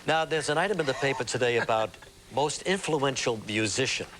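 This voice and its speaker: A man's voice: mid-range voice, expressive, fairly quick. Older male TV host, chatty storyteller. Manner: chatty storyteller, teasing guests. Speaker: morning show host. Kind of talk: casual chat, reading the news. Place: TV studio with live audience. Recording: grainy VHS tape with faint hiss.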